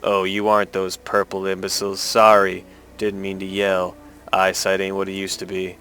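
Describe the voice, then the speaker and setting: A man reading out the lines of a grumpy, stubborn old village man in a game, in a gruff way. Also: sits low, monotone, moderate pace, bright, forceful tone, faint music behind. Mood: grumbling.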